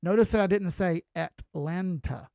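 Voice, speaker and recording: A folksy middle-aged man with a Southern drawl talks loosely through price charts, swearing now and then. His voice sits a little high and has a gravelly, fry-laden edge. The sound is close and dry, with no room echo. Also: moderate pace, darkish tone. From Southern United States. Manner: folksy, chatty, mild swearing. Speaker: crypto chart analyst. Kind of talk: casual market commentary.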